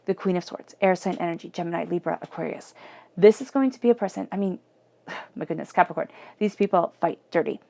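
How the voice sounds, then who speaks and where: A woman giving a chatty, emphatic tarot reading and murmuring her invocations softly. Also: lowish voice, brisk, vocal fry. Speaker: tarot reader. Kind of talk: casual tarot reading monologue.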